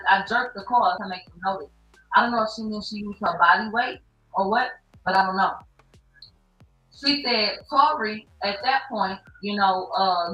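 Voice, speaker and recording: A woman's voice: medium pitch, bright, forceful tone. A woman hosting a casual news commentary, recapping courtroom testimony with blunt, profane, sarcastic asides. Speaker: commentary show host. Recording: echoey room, distant mic, faint music.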